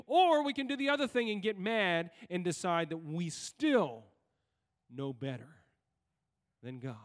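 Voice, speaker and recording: High-voiced preaching man, reverberant church. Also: animated, measured pace. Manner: preachy, asks the congregation questions. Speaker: pastor. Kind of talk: sermon. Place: church sanctuary. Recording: long hall reverb in church.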